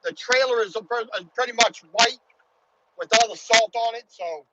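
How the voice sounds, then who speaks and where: High-voiced trucker talking over loud road noise. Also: male voice, normal speed. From Baltimore, USA. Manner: rambling, with frequent restarts and "you know". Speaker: truck driver. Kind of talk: casual vlog talk while driving.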